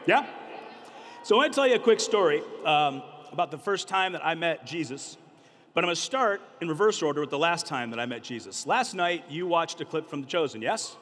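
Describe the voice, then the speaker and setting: Middle-aged man telling stories to a youth crowd, slightly high, joking, in a long-reverb hall. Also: a little fast, slight background noise. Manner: animated, joking, conversational, many fillers. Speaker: youth conference speaker. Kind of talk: energetic storytelling talk to a youth audience. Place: large conference hall.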